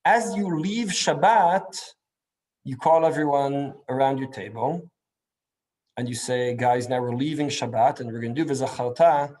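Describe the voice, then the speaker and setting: In a medium-pitched, slightly mellow voice, a man teaches a Torah class at an unhurried pace. He thinks aloud, restarts often, and keeps asking "right?" to check in with listeners.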